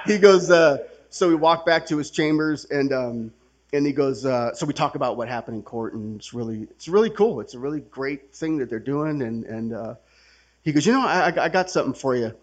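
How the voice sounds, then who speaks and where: A man's voice: fairly high pitch, fairly quick. Man with a Californian accent, telling a personal story at a workshop, loose and chatty, swears and laughs through it. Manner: conversational, swearing, acts out quotes with laughs. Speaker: workshop speaker sharing his recovery story. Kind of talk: casual storytelling talk. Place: workshop gathering room.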